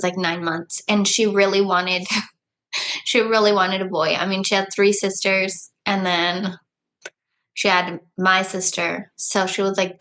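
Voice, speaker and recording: A woman co-hosting a podcast, chatting casually and reacting quickly to her co-host. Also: medium pitch, bright, forceful tone. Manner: chatty, quick reactions, laughs while talking. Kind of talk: casual chat.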